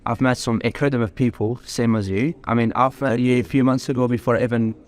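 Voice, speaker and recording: A man's voice: medium pitch, fairly even intonation, quick pace. A young man with a London accent, a guest English teacher talking enthusiastically in a casual interview, with lots of fillers. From Algeria. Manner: warm, enthusiastic, many fillers.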